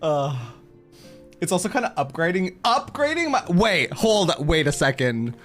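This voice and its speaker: Man, game streamer, casual live chat, lively swooping voice, giggly, faint music behind. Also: high voice, a little slow. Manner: giggly, self-mocking, laughs a lot.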